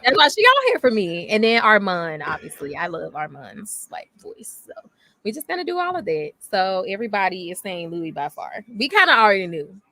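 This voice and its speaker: A woman co-hosting a casual fan award show, chatty and animated, full of fillers. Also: mid-range voice, moderate pace. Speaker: co-host. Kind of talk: casual chat, running a fan vote.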